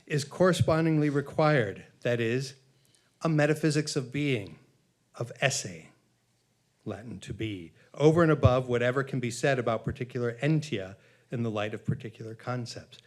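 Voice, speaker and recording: A man giving a conference lecture, reading from his paper in a measured, halting way with frequent fillers and self-corrections, and reading long quotations aloud. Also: medium pitch. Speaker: conference speaker.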